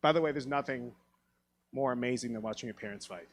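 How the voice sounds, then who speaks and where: A man's voice: medium pitch, fast, a little hiss or hum. A man performing a stand-up comedy set on a theatre stage, telling stories animatedly and acting out other people's voices. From Taiwan. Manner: animated storytelling, acts out voices.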